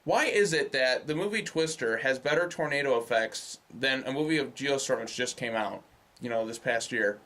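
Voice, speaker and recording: A young man talks through a film review in a loose, casual way. He swears freely and slides into sarcastic rants. His voice sits at an ordinary middle pitch. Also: moderate pace, fairly bright tone. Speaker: movie reviewer.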